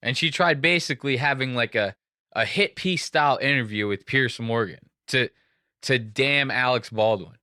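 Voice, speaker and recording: A man's voice: medium pitch, normal speed, bright, forceful tone, no echo, clean studio sound. A young man hosting a casual podcast, rambling and swearing as he jokes through the story. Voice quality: profane, rambling, jokey. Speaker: podcast host.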